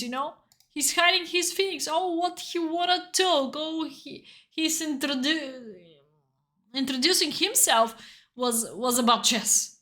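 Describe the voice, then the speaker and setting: Emotional Bulgarian-accented woman, slightly high voice. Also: sharp tone. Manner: earnest and encouraging, with broken non-native phrasing. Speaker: chess streamer. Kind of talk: live stream chat while playing online blitz.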